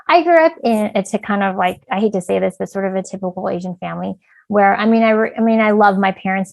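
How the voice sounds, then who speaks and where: Gravelly-voiced woman giving a casual talk. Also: medium pitch, darkish tone, dry recording, poor audio. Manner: conversational, many fillers like "like" and "um". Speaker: parent education speaker, clinical supervisor. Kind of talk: casual online presentation. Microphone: video call.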